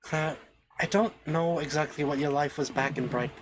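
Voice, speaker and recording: A woman voicing a concerned woman mentor who speaks calmly. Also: deep voice, moderate pace, pitched below the performer's own voice, lightly acted.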